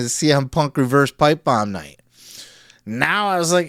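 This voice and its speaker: A man reviewing a wrestling show in casual solo commentary, profane and animated, laughing often. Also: mid-range voice, normal speed, clean tone, no echo, studio quality.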